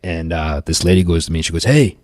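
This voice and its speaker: A man's voice: extremely low pitch, level tone, fast, no echo. A man from Canada co-hosting a podcast, telling rambling anecdotes with self-mocking jokes. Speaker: podcast co-host. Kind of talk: casual chat, storytelling.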